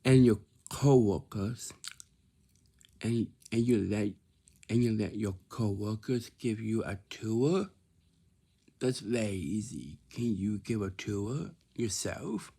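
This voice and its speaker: A man's voice: lowish voice, lively intonation, slow pace, warm tone. A man giving casual workplace advice in a repetitive, scolding way, often checking with "right?". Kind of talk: casual instructive monologue.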